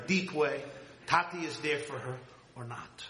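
A man giving an impassioned sermon, swinging from loud high cries to hushed low tones. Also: measured pace, slight background noise. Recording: roomy hall with long reverb.

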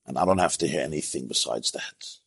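A man giving a sermon as a rabbi, telling an animated story with quoted voices and Yiddish and Hebrew terms mixed in. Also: a bass voice, fairly quick, creaky, slightly rough, no room sound. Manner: animated, tells stories with quoted voices and asides.

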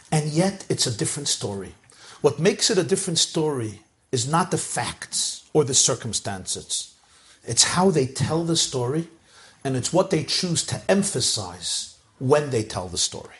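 A man's voice: on the high side, a bit bright. A man giving an emphatic Torah lecture as a rabbi, repeating phrases for emphasis and using an Ashkenazi Hebrew pronunciation. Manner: mixes Hebrew and Yiddish words into English.

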